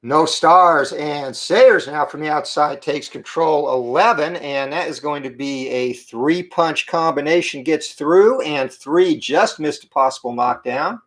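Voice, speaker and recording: A man with a slightly hoarse morning voice, giving play-by-play commentary on a tabletop boxing game and calling out each roll in short clipped phrases. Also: fairly high pitch, a bit bright. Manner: calls each dice roll and punch count in quick clipped phrases.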